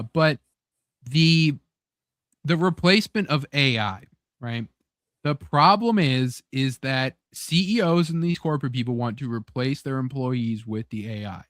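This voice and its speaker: A man's voice: mid-range voice, a bit bright, no room sound, clean studio sound. Rambling, profane podcast host man. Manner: rambling, profane, laughs often. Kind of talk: casual chat.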